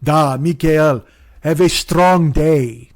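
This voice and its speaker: A man voicing a burly, friendly immigrant rideshare driver who speaks in short, broken phrases. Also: a little high. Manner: terse broken phrases, slow and unbothered.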